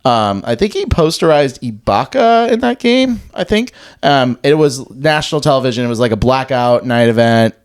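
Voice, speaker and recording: A man's voice: medium pitch, animated, moderate pace, hardly any pauses, clear, resonant tone. A man with a mid-range voice co-hosts a casual sports podcast. He tells stories about past games with real enthusiasm. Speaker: podcast co-host.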